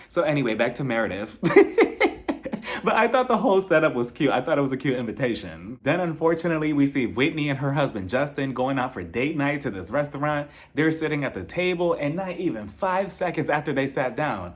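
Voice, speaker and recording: A man casually reviewing a reality show on his channel, animated and joking with frequent laughs. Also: fairly high pitch, fairly quick. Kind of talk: casual commentary.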